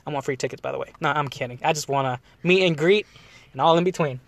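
A man hosts a casual podcast, his voice sitting a little higher than most men's. He rambles in an animated way and laughs often. The recording is dry and close, with no room sound. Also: quick pace, vocal fry, dry recording. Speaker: podcast host. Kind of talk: casual wrestling chat.

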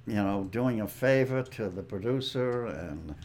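An older man, a guest actor, telling anecdotes in a measured, dry way during an interview. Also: on the low side, lively intonation, darkish tone.

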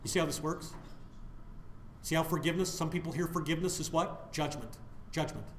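A man's voice: a little high, little pitch movement, a little fast, roomy sound, a little hiss or hum. A man preaching a sermon, putting questions to his listeners and answering them himself.

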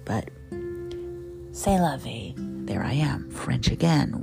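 A woman's voice: very deep voice, expressive, slow, creaky. A woman from New York chatting playfully about food and travel, with lots of asides. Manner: gabby, playful, digressive with asides. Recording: music playing behind the voice.

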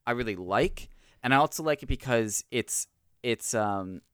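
A man's voice: medium pitch, lively intonation, normal speed, fairly bright tone, smooth, no room sound, studio quality. A man co-hosting a casual podcast conversation, talking through a TV episode with frequent fillers and hedges. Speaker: podcast co-host. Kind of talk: casual chat.

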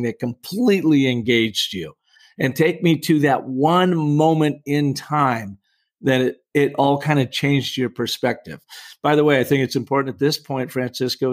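A middle-aged man, a storytelling coach, talking in a podcast interview with an emphatic, persuasive coaching tone. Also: medium pitch.

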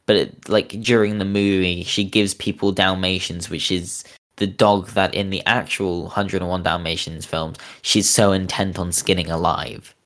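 A young man with a very low, deep voice and a neutral British accent, talking in a loose podcast chat. He rambles, restarts sentences and leans on fillers, dropping in cynical asides. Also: level tone, moderate pace, fairly bright tone. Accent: neutral British, neither northern nor southern. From Britain. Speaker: podcast co-host. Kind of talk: casual opinion chat.

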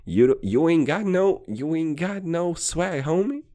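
A man's voice: fairly high pitch, animated, a little slow, dark tone. A man hosting a podcast, rambling through a crude, profane, boastful comedy rant. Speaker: podcast host.

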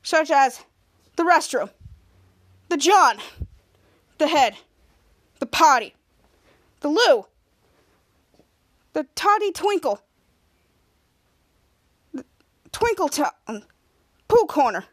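A brash, bossy male superhero booms out his lines in a high, strained voice, as a woman puts him on. He is shouty and full of himself, like a cartoonish TV hero. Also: very animated, extremely slow, pauses often, heavily acted. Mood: pompous. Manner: shouty, exaggerated higher voice.

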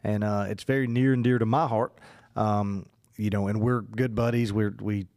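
Rambling man, low and dry. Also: steady tone, moderate pace, darkish tone, no echo. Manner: rambling, many fillers and restarts. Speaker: podcast co-host. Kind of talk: casual podcast chat.

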